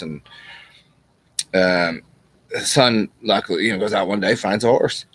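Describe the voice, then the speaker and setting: Low-voiced man musing on old parables. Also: steady tone, faint music behind. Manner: rambling and unhurried, with restarts and chuckles. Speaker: channel host. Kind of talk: casual spoken teaching and storytelling.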